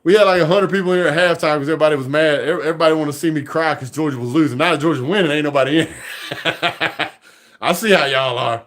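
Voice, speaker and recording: A man hosting a live fan reaction stream, excitable and trash-talking, speaking into a phone held at arm's length. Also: fairly high pitch, very fast, few pauses. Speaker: fan livestream host.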